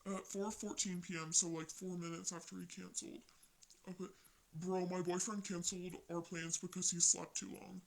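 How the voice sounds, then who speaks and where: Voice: mid-range voice, level tone, moderate pace, creaky, rough recording. A young vlogger casually retelling text conversations in a slangy, rambling way. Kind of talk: casual storytelling vlog.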